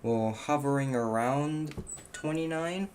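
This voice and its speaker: A man's voice: a little high, slow pace, darkish tone, a little hiss or hum. A young man live-streaming a game, chatting casually and rambling to himself and his cat. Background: keyboard clicks and typing.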